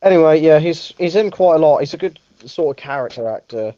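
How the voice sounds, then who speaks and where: A man's voice: a little high, lively intonation, a little fast, dark tone, dry recording, highs cut off. A young man hosting a casual movie review podcast, rambling, correcting himself and swearing offhand. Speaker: podcast host.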